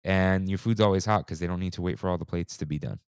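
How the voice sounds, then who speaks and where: A man in his thirties co-hosting a podcast in a relaxed, slangy chat style, saying "dude" and "like" often. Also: sits low, fast talker, clear, resonant tone, no room sound, clean studio sound. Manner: laid-back, slangy, says "dude" and "like" often. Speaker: podcast co-host. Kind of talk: casual chat.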